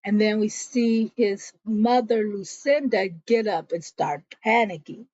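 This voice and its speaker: A woman's voice: mid-range voice, unhurried, darkish tone, no echo, lo-fi sound. A woman casually recapping a TV episode in a chatty way, acting out bits of the characters' lines. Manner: chatty retelling, acts out quoted lines. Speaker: TV series reviewer.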